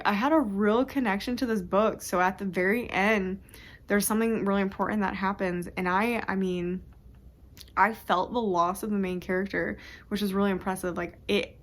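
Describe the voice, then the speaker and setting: A young woman chatting casually about books at home for her vlog, rambling and interrupting herself. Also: medium pitch. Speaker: book vlogger. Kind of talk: casual chat.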